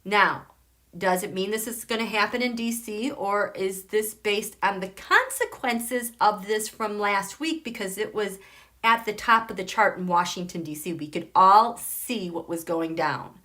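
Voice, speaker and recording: A woman hosting a live tarot and astrology stream, excitable and gushing, swinging between loud exclamations and soft murmurs. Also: mid-range voice, a little slow. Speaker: tarot and astrology channel host.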